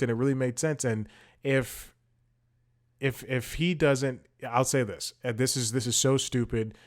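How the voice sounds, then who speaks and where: A man hosting a casual commentary podcast, rambling with many restarts and fillers while he scrolls and multitasks. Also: mid-range voice. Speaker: podcast host.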